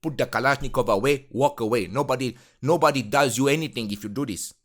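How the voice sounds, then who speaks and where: A man's voice: mid-range voice, lightly acted. A man doing a fake-Kenyan-accented Romanian braggart. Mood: earnest rambling. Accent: exaggerated put-on Kenyan English. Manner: rambling, earnest, full of halting fillers. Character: boastful Romanian man faking a Kenyan accent after a trip. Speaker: podcast host. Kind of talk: comedic monologue in character.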